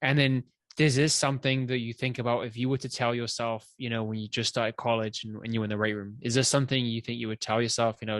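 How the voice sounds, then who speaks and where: A man's voice: medium pitch, flat delivery, fast talker, few pauses, fairly bright tone, no echo. A man hosting a casual fitness podcast, asking leading questions and giving winding explanations. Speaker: podcast host, trainer.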